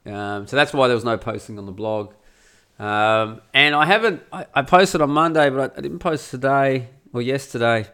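A man's voice: medium pitch, normal speed, fairly bright tone, clear, resonant tone. Profane rambling man hosting a podcast. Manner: rambling, profane and self-mocking. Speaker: podcast host and blogger. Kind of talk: casual solo podcast monologue. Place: at home during renovation.

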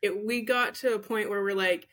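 A woman's voice: mid-range voice, steady tone, normal speed, a bit bright. A woman co-hosting a casual podcast, blunt and joking, with casual swearing.

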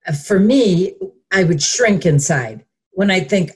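A woman who is a guest in an interview, speaking thoughtfully with pauses and small restarts. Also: fairly low pitch, lively intonation, darkish tone, husky. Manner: slow, thoughtful, halting with pauses. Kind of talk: reflective conversational interview.

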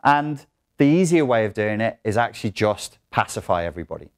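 A man speaks to an audience in a lecture room with a fairly low voice. His delivery is animated, and he acts out quotes in other voices. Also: brisk. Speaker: speaker giving a talk. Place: lecture room in an academic institution.

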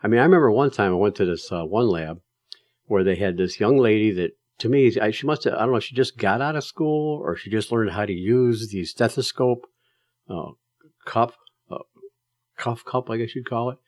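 A man's voice: lowish voice, animated, moderate pace, a little mellow, dry recording, studio quality. A man giving casual, emphatic advice to drivers, telling stories in a plain-spoken way with plenty of fillers.

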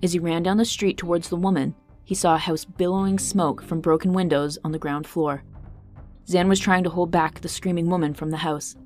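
A woman reading a fantasy story aloud as the narrator, in a steady, measured way. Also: on the low side, faint music behind.

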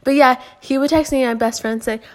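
A woman's voice: high-pitched, fairly even intonation, quick pace. A woman in her twenties hosting a podcast, telling stories in a rambling, profane way, full of fillers and restarts. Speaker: podcast host. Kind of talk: casual storytelling.

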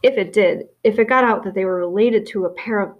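A woman reading a novel aloud in steady storytelling, with small slips and restarts. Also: medium pitch, brisk, highs cut off. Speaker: reader.

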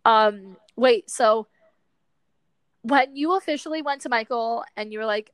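A young woman co-hosting a casual chat, animated and chatty, swearing freely while she does chores. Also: a little high, a little slow, no room sound, poor audio. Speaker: podcast co-host.

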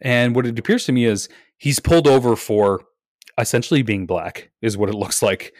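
A man's voice: medium pitch, moderate pace, no echo, clean studio sound. A young man co-hosting a podcast, telling the story animatedly with a lot of swearing, hedging and restarting. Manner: animated retelling, swears freely, hedges and restarts. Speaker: podcast co-host. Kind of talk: casual podcast chat.

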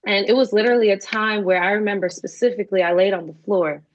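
Animated young woman, lo-fi recording. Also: medium pitch, fast talker. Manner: animated, acts out quoted voices. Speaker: guest. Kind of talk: storytelling in an interview. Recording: dull lo-fi recording.

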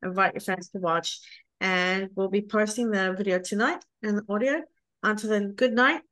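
Casual Australian female podcast host, mid pitch, dry close recording. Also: normal speed, a bit bright, no echo. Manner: wraps up with a sign-off. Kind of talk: casual group chat.

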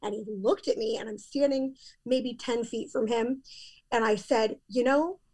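A woman's voice: a little high, fairly even intonation, unhurried, mellow. A woman in her thirties, a podcast guest, telling a painful personal story in a candid, emphatic way.

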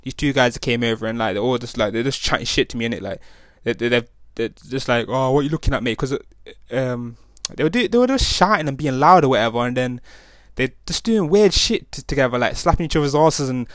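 A man's voice: medium pitch, expressive, a little fast, a bit bright, no echo, clean studio sound. A young man, hosting a podcast and telling a rambling story in slang, full of restarts and tag questions. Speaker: podcast host. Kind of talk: casual storytelling monologue.

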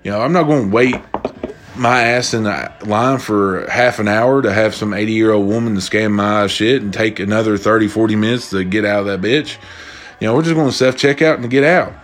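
A man's voice: on the low side, brisk, a little hiss or hum. A young man ranting through casual stories, profane and exasperated. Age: young adult. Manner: profane, exasperated, animated retelling. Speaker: storyteller. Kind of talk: casual storytelling rant.

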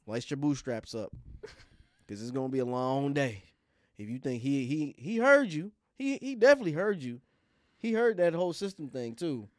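A man co-hosting a sports podcast, playful and animated, repeating lines for emphasis. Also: medium pitch, moderate pace, no room sound, studio quality. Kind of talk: casual sports chat.

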